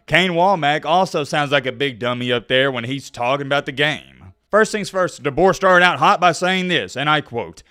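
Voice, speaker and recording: Man, heated sarcastic sports rant, smooth crisp voice, talks to viewers. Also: a little high, fairly bright tone. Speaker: sports commentary vlogger. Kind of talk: ranting sports commentary.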